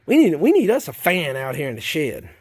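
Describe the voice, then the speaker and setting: A man's voice: on the high side, huge pitch swings, brisk, darkish tone, slight background noise. A man with a Southern US accent, chatting folksily to viewers in a rambling, casual way while tending his worm bins in a shed. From South Carolina, US. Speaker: worm farmer vlogger. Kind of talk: casual vlog chat while working. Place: garden shed.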